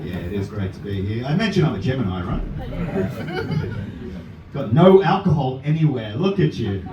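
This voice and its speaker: A man's voice: medium pitch, big pitch swings, normal speed, highs cut off. A man with an Australian accent doing a crude stand-up set on a comedy club stage, riffing brashly with the audience. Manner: brash, crude crowd work. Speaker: stand-up comic. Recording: roomy club sound from far off, loud crowd.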